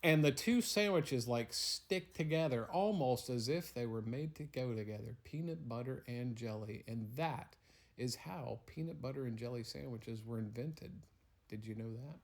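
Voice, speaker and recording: A man's voice: medium pitch, lively intonation, moderate pace. A man spinning a playful, rambling bedtime story at home. He narrates in an easy, teasing way, making it up as he goes. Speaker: parent telling a bedtime story.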